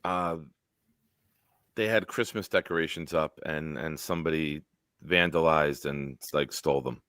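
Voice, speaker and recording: A man hosting a casual sports live stream, animated and joking, swearing freely. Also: very deep voice, measured pace, clear, resonant tone, no room sound, clean studio sound. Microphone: home setup on a video call.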